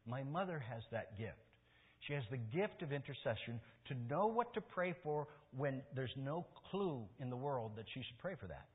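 Older man preaching, husky voice, earnest storyteller, tinny recording with long hall echo. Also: mid-range voice, animated, fairly quick. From Michigan, US. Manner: storytelling preacher, earnest, rising to emphatic stresses. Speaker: pastor. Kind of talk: sermon with personal stories.

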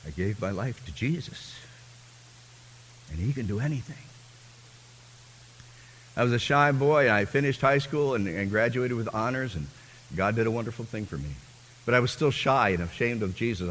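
A man preaching a personal testimony as a sermon, telling his story with fervor and swinging from hushed, quiet passages to loud, impassioned ones. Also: mid-range voice, in a large hall.

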